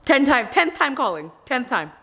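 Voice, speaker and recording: A woman in her thirties vlogging casually to camera, ranting in an exasperated, animated way. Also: sits high, moderate pace, background noise. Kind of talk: casual vlog talk to camera.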